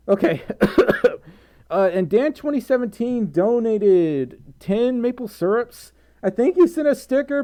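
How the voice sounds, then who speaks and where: With a warm, medium-pitched voice, this live streamer reads donations aloud during a relaxed chat, giggling and rambling in a flustered, self-deprecating way.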